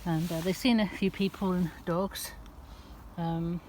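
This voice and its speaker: A woman with a Northern English accent vlogging casually as she walks a wet park track, chatty and given to high sing-song baby talk with her cats. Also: fairly even intonation, a little slow, darkish tone, slight background noise. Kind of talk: casual walking vlog.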